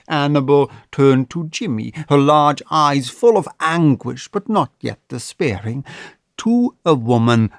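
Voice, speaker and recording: A man reading a short story aloud as narrator, in an expressive, measured style. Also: medium pitch, vocal fry, no echo, studio quality. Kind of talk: scripted audiobook narration.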